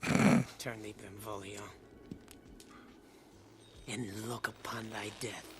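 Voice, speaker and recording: An actor playing a menacing young swordsman full of hate, speaking Shakespearean film dialogue in a slow, low, threatening way. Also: steady tone, creaky, background noise. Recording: film audio heard from far off.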